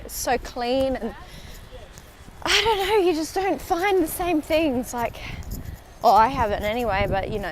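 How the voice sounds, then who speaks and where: A young woman vlogs on a riverside walk through a city, chatting and rambling into a handheld phone and sometimes slipping into a whisper for asides. Her voice is on the high side, with a little hiss or hum in the audio.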